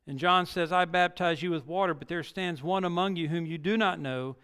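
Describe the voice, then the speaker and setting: A man's voice: fairly high pitch, brisk, a bit bright, clear, resonant tone. Man preaching in an echoing hall. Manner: preaching with dramatic scripture reading, building to emphatic peaks. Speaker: pastor. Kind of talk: sermon. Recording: long reverb of a large hall.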